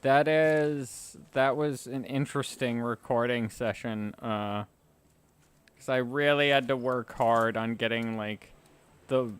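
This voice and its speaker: Man, casual gaming stream chatter, rambling, self-deprecating, bright tone. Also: medium pitch, smooth.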